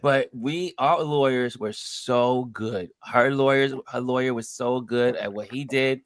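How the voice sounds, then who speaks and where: On a live stream with no echo, a man speaks at a measured pace in a medium-pitched voice. His casual chat turns into lively storytelling as he acts out what others said.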